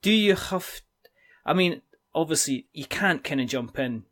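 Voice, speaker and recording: Podcast host, asks long wandering questions, lots of kind of and you know. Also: male voice, on the high side, expressive, a little slow, a bit bright. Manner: rambling questions with many "kind of" fillers. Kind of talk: podcast interview, asking questions.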